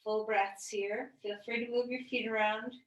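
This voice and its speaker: A woman teaching a gentle yoga class, guiding slowly with calm, questioning cues and the odd filler. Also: fairly high pitch, highs cut off. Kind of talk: guided yoga class instruction. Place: room, lying on the floor. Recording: echoey room, voice from a distance.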